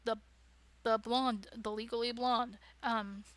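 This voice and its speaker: A woman's voice: a little high, steady tone, slow, fairly bright tone. A woman giving an informal writing workshop, chatty and enthusiastic, with frequent digressions. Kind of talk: informal lecture.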